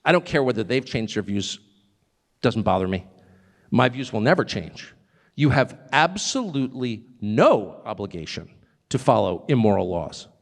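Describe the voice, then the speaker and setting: A middle-aged man giving a live public speech as a guest speaker, animated and sardonic, with mocking asides and short chuckles. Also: lowish voice, normal speed. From United States. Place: large hall with a live audience. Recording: long hall reverb with crowd.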